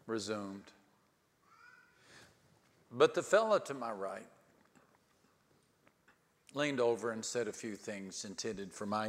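A male pastor preaching a storytelling sermon with dry humor, dramatic pauses and swings from hushed to loud. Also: medium pitch. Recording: long hall reverb.

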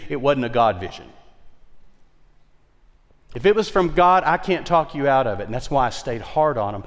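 Passionate preacher in a reverberant sanctuary. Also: male voice, fairly high pitch. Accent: Southern US twang. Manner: impassioned, shifts between loud exhortation and hushed storytelling. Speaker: pastor. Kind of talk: sermon. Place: church sanctuary. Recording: long reverb from a large hall.

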